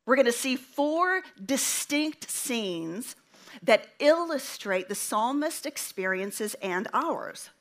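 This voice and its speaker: Slow, emphatic woman preacher. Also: a little high, sing-song. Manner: slow, emphatic delivery with dramatic pauses; invites the congregation to respond. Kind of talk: sermon.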